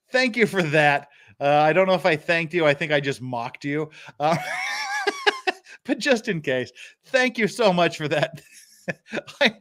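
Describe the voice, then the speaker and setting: A man in his fifties hosts a casual livestream reacting to interrogation footage, profane and digressive, often laughing at his own jokes. His voice is a little high with a fairly bright tone.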